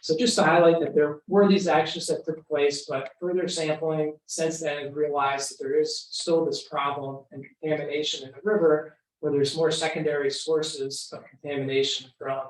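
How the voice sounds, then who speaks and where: A man's voice: a little high, flat delivery, normal speed, few pauses. A man presenting the technical site background at a public meeting, summarizing cleanup work. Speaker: project presenter. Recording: roomy audio from a distance.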